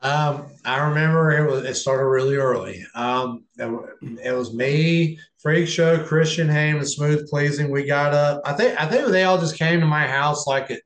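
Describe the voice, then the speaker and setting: Guy telling wrestling stories, lots of restarts, bit high voice, roomy sound. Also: moderate pace. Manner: rambling, restarts, acts out quotes. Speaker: guest, professional wrestler. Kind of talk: casual interview storytelling. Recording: echoey room.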